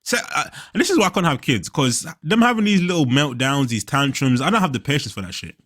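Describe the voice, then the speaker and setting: Young male reaction host, brash swearing delivery, bright voice, lively pitch. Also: fast talker. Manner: animated, profane, laughs often. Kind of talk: casual reaction commentary.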